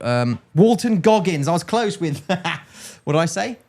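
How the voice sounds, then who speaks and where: A man's voice: on the high side, very animated, a little slow, hardly any pauses, darkish tone. Brief: British male podcast co-host, chatty and self-correcting, jokey delivery. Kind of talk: casual chat.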